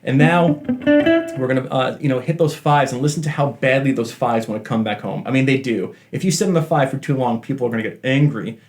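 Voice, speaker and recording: A man's voice: mid-range voice, a little fast, a little mellow. Chatty man teaching guitar over faint music. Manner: chatty, self-deprecating, apologizes for talking a lot. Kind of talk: casual video guitar lesson.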